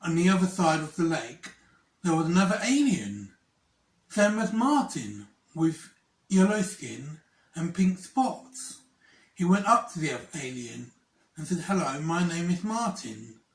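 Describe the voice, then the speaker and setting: A man telling a children's story in a gentle, unhurried way with small restarts. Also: on the high side, very animated, gravelly. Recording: roomy echo, far from mic.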